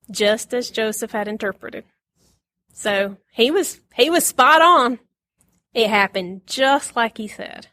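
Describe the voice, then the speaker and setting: A woman giving a casual Bible lesson, chatty and quick to laugh, acting out the lines she quotes. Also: fairly high pitch, fairly bright tone, dry recording. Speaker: Bible teacher.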